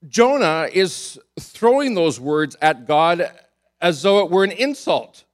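A man preaching a sermon as pastor. He tells the story in an animated, amused way, chuckling often and repeating words as he drives a point home. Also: sits high, slow pace.

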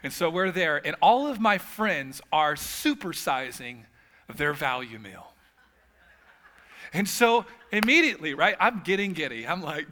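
High, bright-voiced preaching man. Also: normal speed. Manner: lively, humorous storytelling with casual asides. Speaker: pastor. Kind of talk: sermon.

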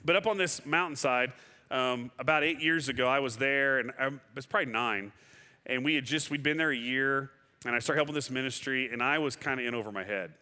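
A middle-aged man preaching a sermon, telling personal stories in an animated way and acting out what he once said. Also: medium pitch, brisk. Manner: animated storyteller, acts out his own past words. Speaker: guest pastor. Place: church sanctuary. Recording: long hall reverb.

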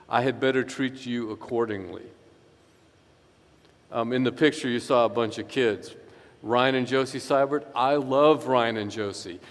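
Earnest man preaching in an echoey hall. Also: medium pitch. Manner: earnest, emphatic preaching with slow stressed phrases. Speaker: pastor. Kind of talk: sermon.

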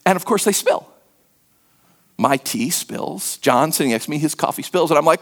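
A man preaching a sermon as pastor, telling stories and acting out quotes, sometimes dropping to a hushed near-whisper for emphasis. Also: expressive, moderate pace. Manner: storytelling, acts out quotes with sudden pitch jumps.

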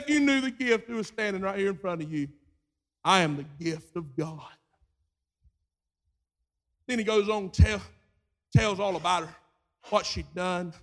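A male preacher with a high, light voice delivering a sermon. He swings from hushed storytelling up to shouted, fervent preaching, and acts out the voices of the people in his story. His pitch sits well above most men.

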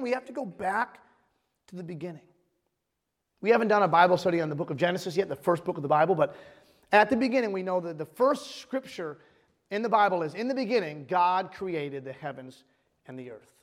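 High-voiced pastor preaching in a hall. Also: male voice. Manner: emphatic, restarts phrases, reads scripture aloud. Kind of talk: sermon.

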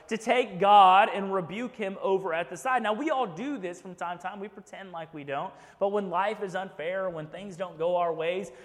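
A man with a notably high voice delivers a sermon from the pulpit, earnest and direct. He keeps checking in with his listeners, and his words ring out with a long hall reverb. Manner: earnest preaching with rhetorical "right?" asides. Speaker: pastor.

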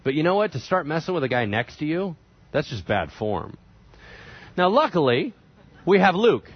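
A man preaching a sermon, retelling scripture with animated storytelling and conversational asides. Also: a little high, moderate pace, long pauses, slightly rough. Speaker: pastor. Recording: dry, slightly dull sound.

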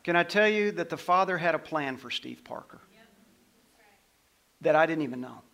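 Man, pastor, preaching, fairly high voice, storytelling, loud then hushed. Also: animated, normal speed, gravelly. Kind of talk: sermon.

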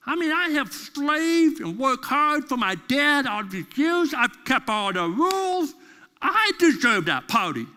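A man's voice: high-pitched, sing-song, slow pace, pauses often, pushed and bright, big-room sound, full character voice. A man voicing an indignant older brother who complains that he has been wronged. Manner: whiny, aggrieved complaining.

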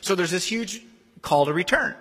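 A man preaching a sermon as pastor, in a conversational, animated way. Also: high-pitched, moderate pace. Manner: conversational, animated, acts out quoted voices. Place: church sanctuary. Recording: long hall reverb.

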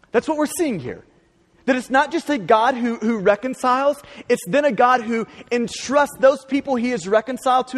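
High-voiced preacher in a big reverberant hall. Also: male voice. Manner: earnest and emphatic, with stammered restarts. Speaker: pastor. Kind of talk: sermon.

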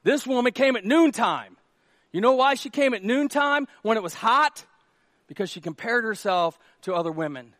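High-voiced animated male preacher. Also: normal speed, no echo. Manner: animated, jokey, shouting at times. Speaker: pastor. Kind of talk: sermon.

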